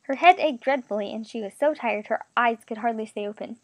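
A woman narrating a story aloud in an expressive, steady reading voice. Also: a little high, a little fast, few pauses, dry recording.

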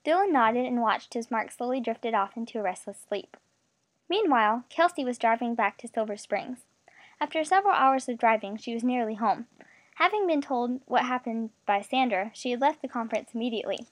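A woman narrating a story aloud in an expressive, steady reading voice. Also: on the high side, a little fast, no room sound.

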